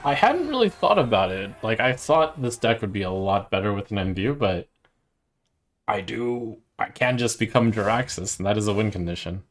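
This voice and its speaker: Man streamer, lowish voice, casual gameplay commentary, muttering through his options. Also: animated, moderate pace. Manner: thinks aloud, weighing plays and second-guessing himself. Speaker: streamer playing a card game.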